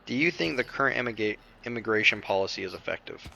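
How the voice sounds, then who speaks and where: A man's voice: lowish voice, lively intonation, quick pace, vocal fry, pushed and bright, slight background noise. A man co-hosting a casual chat, laid-back, asking questions and swearing casually. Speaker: podcast co-host.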